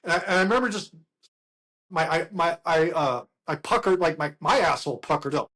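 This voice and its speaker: Casting: middle-aged man, bar-talk guest, high voice, rambling storyteller. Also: brisk. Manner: rambling, laughing, quotes others in animated voices. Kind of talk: casual storytelling chat.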